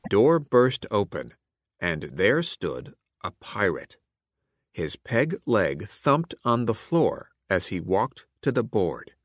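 A man reading a children's picture book aloud in a clear, expressive way, including its classroom activity prompts. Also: on the low side, takes it slowly, dry recording, studio quality. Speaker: storybook reader. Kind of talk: read-aloud children's story narration.

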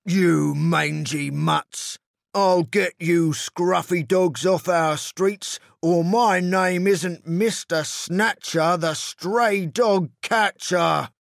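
A man growling as a mean, gravelly dog catcher. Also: high-pitched, extremely slow, no room sound, studio quality, full character voice. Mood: menacing. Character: mean, pointy-faced male dog catcher. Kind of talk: storybook read-aloud.

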